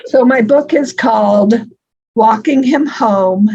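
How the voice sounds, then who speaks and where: An older woman with a husky, slightly breathy voice talks through a relaxed interview. Her stories wander warmly, full of ums and small laughs. The sound is muffled, like a lo-fi remote call. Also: fairly high pitch, slow pace. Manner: warm storytelling with frequent ums and laughs. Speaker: author and interview guest. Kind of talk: conversational interview.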